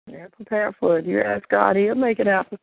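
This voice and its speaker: A woman giving a rambling church testimony, halting with fillers and restarts and breaking into praise to God. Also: medium pitch, vocal fry, no echo, narrow, tinny audio.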